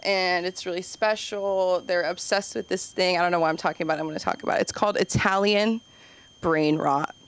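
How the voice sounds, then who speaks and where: A young woman doing open mic stand-up, rambling and self-deprecating, acting out quoted voices with sudden jumps up in pitch. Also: steady tone, brisk, clear, resonant tone. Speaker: stand-up comedian.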